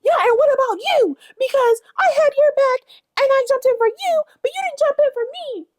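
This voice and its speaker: A woman putting on a shrill, whiny voice to mock a caricatured woman. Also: animated, a little fast, no echo. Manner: squeaky, whiny, exaggerated.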